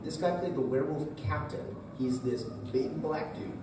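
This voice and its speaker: A man's voice: a little high, normal speed, noisy background. A man talking as a guest voice actor at a convention panel, joking and breaking into character voices. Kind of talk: casual panel Q&A. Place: large convention hall. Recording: echoey convention hall, mic from far off, crowd ambience.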